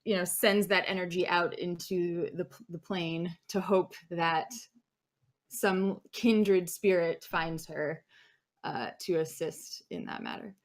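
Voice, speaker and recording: A woman's voice: lowish voice, steady tone, slow pace. A woman playing a tabletop role-playing game, speaking earnestly in and out of character. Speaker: player.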